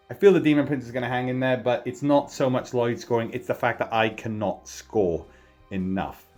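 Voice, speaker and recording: A man with a middle-pitched voice talks through his tabletop game in a casual, self-deprecating way. He recorded in a roomy space that echoes, and faint music plays behind him. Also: a little mellow. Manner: joking, self-deprecating, chatty. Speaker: wargaming channel host. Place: game room. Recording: echoey room with music underneath.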